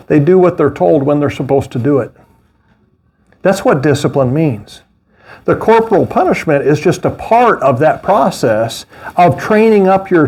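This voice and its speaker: High-voiced animated preaching man. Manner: animated preaching with mocking asides and laughs. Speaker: pastor. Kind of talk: sermon.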